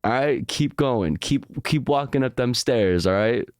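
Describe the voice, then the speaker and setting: Loose, excitable male streamer, easygoing pace, dry close-miked sound. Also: medium pitch, a little slow, dry recording. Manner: swears freely, laughs often, loose and excitable. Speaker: streamer reacting to clips. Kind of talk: casual chat.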